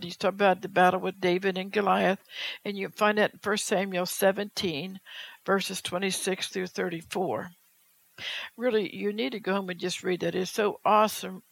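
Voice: medium pitch, gravelly, low-quality recording. A preacher delivering a fervent sermon, exhorting the church with rhetorical questions and reading scripture aloud.

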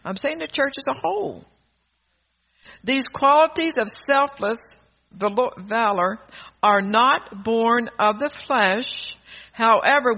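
A woman's voice: a little high, pushed and bright, dull audio. Emphatic woman preaching a sermon. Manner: emphatic, scolding, calls to the congregation.

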